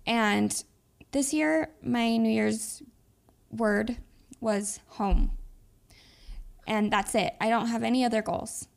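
This woman co-hosts a podcast with a fairly high, gravelly voice and a slow pace. What she says comes across as earnest, reflective and heartfelt, in a casual chat.

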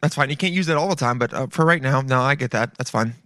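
A man's voice: medium pitch, fast talker, bright, forceful tone, no echo, clean studio sound. A man hosting a podcast in a casual, rambling comedic monologue, swearing freely and calling listeners dude. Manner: profane, rambling, chummy, says dude a lot. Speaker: podcast host.

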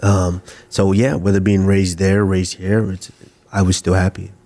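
A man from Nigeria speaks as a podcast guest with a very low voice. He talks thoughtfully, pausing and restarting as he works through his ideas. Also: little pitch movement, dark tone. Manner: thoughtful, restarts and repeats while thinking. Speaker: guest, fighter. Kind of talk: casual interview chat.

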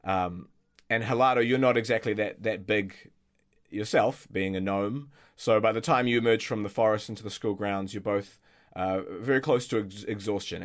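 Low-voiced man running a tabletop game. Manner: hesitant, many fillers and restarts. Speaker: game master.

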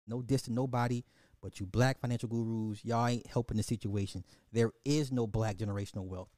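A man's voice: medium pitch, dry recording, clean studio sound. Profane, fired-up man ranting on a podcast. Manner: profane, animated, repeats and restarts a lot; talks straight to the audience, laughs at his own points. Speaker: podcast host. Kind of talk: live-stream social commentary rant.

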